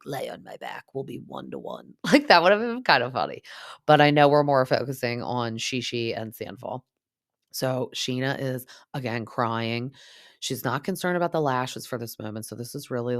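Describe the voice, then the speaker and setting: A woman's voice: a bass voice, no room sound, clean studio sound. A woman in her thirties hosting a podcast, chatting casually and gossipily in a TV recap, filling her talk with "like". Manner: chatty, gossipy, heavy use of "like". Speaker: podcast host.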